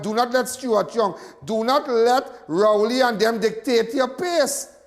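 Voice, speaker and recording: Trinidadian male host, very high voice, long reverb, folksy live commentary. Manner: folksy, preaching, repeats phrases. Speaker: talk show host.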